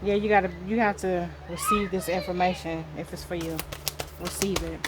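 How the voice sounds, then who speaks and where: A woman's voice: fairly low pitch, steady tone, moderate pace, heavy background noise. A woman giving a casual spiritual card reading to her viewers indoors, talking in a rambling, loose way and swearing now and then. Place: indoor room.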